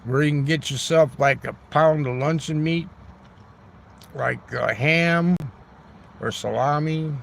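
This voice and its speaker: A man's voice: mid-range voice, creaky, a little hiss or hum. A man hosting a rambling, crude, joking livestream outdoors in a neighborhood park, talking into his phone. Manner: rambling, crude joking, talks back to chat. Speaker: livestream host. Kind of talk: rambling casual livestream chat.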